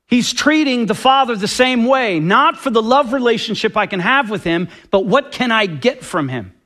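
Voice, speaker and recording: A man's voice: high voice, fairly bright tone. A man preaching a sermon with passion and emphasis, often acting out quoted dialogue. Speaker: pastor.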